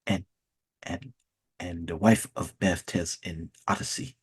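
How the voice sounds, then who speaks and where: A man voicing a soft-spoken male college professor who talks quietly in a flat, hesitant monotone. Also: deep voice, measured pace, breathy edge, pitched below the performer's own voice, exaggerated voice.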